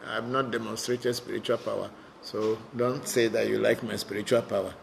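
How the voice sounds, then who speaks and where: A man's voice: mid-range voice, little pitch movement, brisk, creaky, a little hiss or hum. A man, a spiritual teacher, answering viewer questions in a live online session, talking bluntly and often repeating words as he goes.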